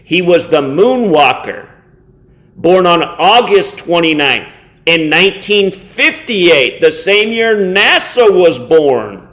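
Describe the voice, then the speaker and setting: A man in his thirties delivering an angry reaction commentary, contemptuous and insulting, swearing heavily and slowing down to mock. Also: high voice, very animated, a bit bright. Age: 30s. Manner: sarcastic, slows down to mock. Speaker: online video host.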